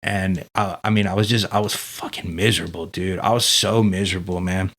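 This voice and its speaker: A man's voice: sits low, steady tone, brisk, fairly bright tone. A man as a podcast guest telling his story in a casual, candid way, swearing freely and leaning on fillers like "dude" and "man".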